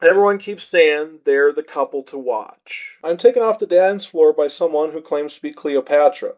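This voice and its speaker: A man's voice: a little high, moderate pace. Man reading a wry story, lo-fi sound. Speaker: narrator reading a short story. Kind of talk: live story reading in first person.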